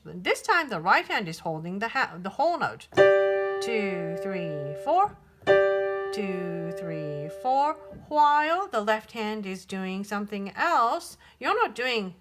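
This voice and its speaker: A woman talks through a piano lesson at an unhurried pace, her voice swinging up and down as she counts and hesitates. Loud piano plays behind her. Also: mid-range voice. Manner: patient, counts beats and sings rhythms aloud; hesitant, many ums and restarts. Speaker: piano teacher. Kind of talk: piano tutorial. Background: piano playing.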